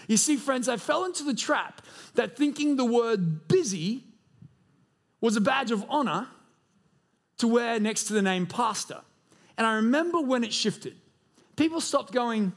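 A man's voice: high voice, lively intonation, normal speed. A man in his thirties preaching a sermon as lead pastor, earnest and conversational, telling stories from his own life. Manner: earnest and conversational, with storytelling asides. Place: church auditorium.

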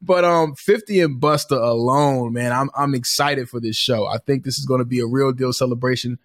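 A man's voice: medium pitch, fairly quick. A man co-hosting a podcast in casual chat, earnest and rambling. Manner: earnest, rambling, with many fillers. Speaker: podcast co-host.

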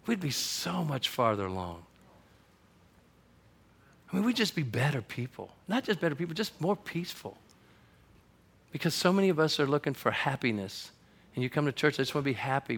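A man preaching a conversational sermon to his congregation, building from quiet reflection to loud, emphatic passages. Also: mid-range voice, creaky. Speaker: pastor.

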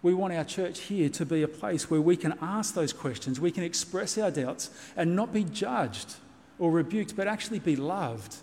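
A man's voice: a little high, animated, moderate pace, few pauses, darkish tone, in a large hall. A man preaching a sermon as pastor, earnest and reassuring, repeating key points for emphasis. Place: church.

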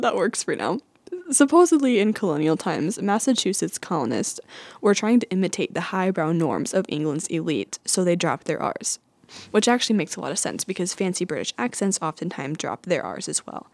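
Chatty woman with crisp enunciation. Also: lowish voice, darkish tone, dry recording. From United States. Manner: chatty, laughs at her own jokes; carefully enunciated. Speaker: host. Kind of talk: casual educational talk.

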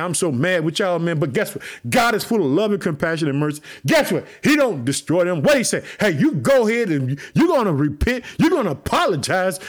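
Fired-up, shouting man preaching. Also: high voice. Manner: fired-up, shouting, calls listeners family; slangy casual preaching. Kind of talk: energetic sermon with Bible reading.

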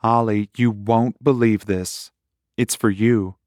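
A man's voice: mid-range voice, very animated, unhurried, a little mellow, no echo, studio quality. A man voicing a playful, sleepy wife who teases her husband in the night, in a read-aloud story. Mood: teasing. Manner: playful, teasing. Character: teasing drowsy wife woken at night.

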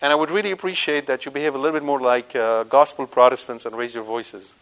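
A Catholic preacher addresses a live congregation in a fast, mid-range voice. He is animated, questioning his listeners and swinging between loud emphasis and quiet asides.

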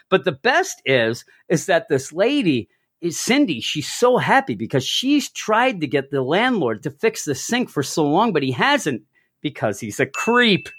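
Male host, lively storyteller with a slightly high voice, dry close recording. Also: dry recording. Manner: animated storyteller, acts out quotes. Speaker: podcast host. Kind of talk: casual chat.

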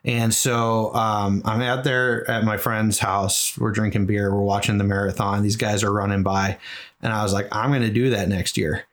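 A man's voice: lowish voice, little pitch movement, normal speed, fairly bright tone. A middle-aged man from New England telling a long personal story as an interview guest, earnest and rambling with many fillers. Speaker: guest, charity marathon runner.

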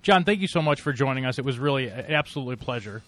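A man's voice: mid-range voice, animated, rapid-fire, a bit bright, no echo, soft background music. A man guest-hosting a talk radio show, chatting in a friendly, conversational way with frequent fillers.

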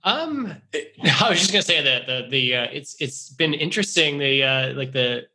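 An easygoing man hosts a casual podcast conversation and laughs often as he talks. His voice is bright and forceful, at a middle pitch. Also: expressive, moderate pace, slightly rough. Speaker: podcast host, software company founder.

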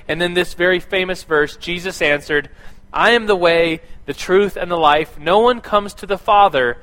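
A man's voice: high-pitched, moderate pace, sharp tone, rough recording. A man giving a casual, conversational sermon and church announcements, with a lot of fillers and restarts.

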